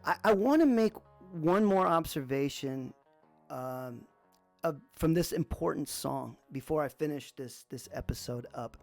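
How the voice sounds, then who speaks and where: A man from Arizona hosting a podcast, telling a personal story in a relaxed, rambling way with lots of fillers. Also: a little high, unhurried, creaky, faint music behind. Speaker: podcast host.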